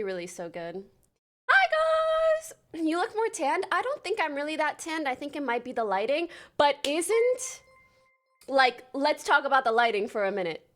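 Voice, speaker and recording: A young woman in her twenties chatting casually on a livestream, bubbly and talkative, quickly reading out names to thank her viewers. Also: sits high.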